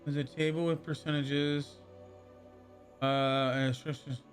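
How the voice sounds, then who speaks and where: A man's voice: fairly high pitch, little pitch movement, unhurried, faint music behind. A young man chatting casually on a live stream, rambling and answering viewers from chat as he goes.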